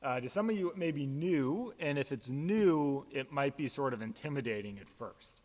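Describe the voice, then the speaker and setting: A man, a pastor, casually explaining how to chant psalms, relaxed and plain-spoken with frequent fillers. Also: mid-range voice, moderate pace, in a large hall.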